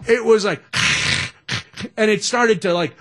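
A middle-aged man hosting a radio talk show, telling a story in a chatty, animated way. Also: sits high, takes it slowly. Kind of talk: casual storytelling.

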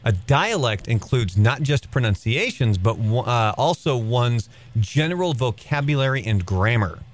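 A man's voice: mid-range voice, lively intonation, measured pace. A man co-hosting a casual talk show, rambling along with a lot of fillers and restarts. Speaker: co-host. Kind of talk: casual chat.

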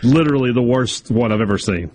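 A man's voice: medium pitch, quick pace, darkish tone, a little hiss or hum. A man co-hosting a sports radio show, teasing and laughing in casual banter.

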